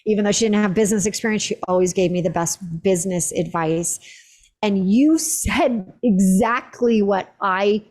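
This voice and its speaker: A woman hosting a podcast interview, telling a personal story in a lively conversational way, full of "like" fillers. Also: medium pitch, normal speed. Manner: animated storytelling with many "like" fillers. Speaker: podcast host.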